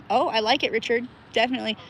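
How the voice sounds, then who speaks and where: Lady livestreaming from a freezing river, chatty and giggly, sharp bright voice, a little outdoor noise behind. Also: a little high. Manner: laughs often, chats to viewers by name. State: shivering with cold. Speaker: livestream host. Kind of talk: casual livestream chat.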